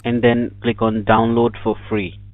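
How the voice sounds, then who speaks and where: A man's voice: lowish voice, little pitch movement, unhurried, no echo. A man speaks firmly over a tinny, phone-like line, giving instructions one step at a time. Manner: firm, instructing. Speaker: scammer posing as tech support.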